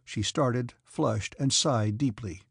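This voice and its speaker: Gravelly, husky male audiobook narrator. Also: mid-range voice, slow pace, dry recording, clean studio sound. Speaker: audiobook reader. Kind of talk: audiobook narration of a classic novel.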